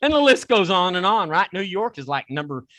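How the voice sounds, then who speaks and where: A man with a Southern accent hosting a talk podcast, excitable and repeating himself as he pitches a sponsor. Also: fairly quick. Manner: excitable, repeats words and restarts. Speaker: podcast host. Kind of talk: casual chat with a sponsor plug.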